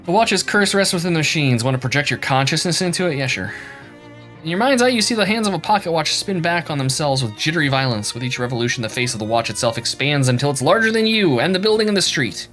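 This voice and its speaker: A man's voice: fairly high pitch, expressive, quick pace, a bit bright, faint music behind. A man streaming a video game, reading the game text aloud and reacting playfully.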